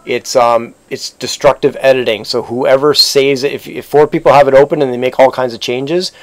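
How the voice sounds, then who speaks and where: A male game master with a gravelly voice runs an online tabletop session. He rambles along, restarting his sentences often. His pitch is middling for a man. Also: steady tone, moderate pace. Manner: rambling, with many fillers and restarts.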